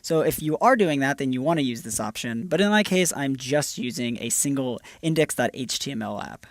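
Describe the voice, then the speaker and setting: A man's voice: medium pitch, expressive, a little fast, no room sound, clean studio sound. A man presenting a screencast tutorial, walking through each step in an upbeat, casual way. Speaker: developer advocate presenting a tutorial.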